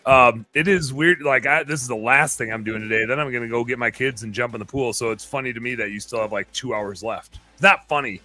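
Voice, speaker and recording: A man's voice: mid-range voice, brisk, few pauses, bright, forceful tone, soft background music. A man in his thirties hosting a podcast, rambling and self-mocking in casual banter. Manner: rambling, self-mocking, reads aloud in a jokey tone. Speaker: podcast host.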